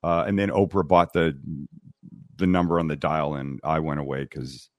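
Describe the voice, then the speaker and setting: A man's voice: very deep voice, normal speed, dry recording. A middle-aged man, a cooking show host, telling stories bluntly and acting out the people in them during a casual interview. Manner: blunt, animated storyteller who acts out dialogue. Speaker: TV and YouTube cooking host, guest. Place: podcast studio. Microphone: studio microphone.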